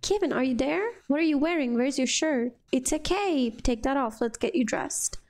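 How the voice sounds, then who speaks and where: A woman voicing a patient young mother who gently coaxes her small son, in her own voice. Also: high-pitched, expressive, normal speed. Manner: gentle coaxing.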